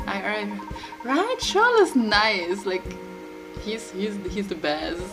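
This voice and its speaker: A woman's voice: medium pitch, sing-song, slow pace, poor audio. A woman streaming a video game, chatting casually and reading its dialogue aloud in an amused way. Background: game music.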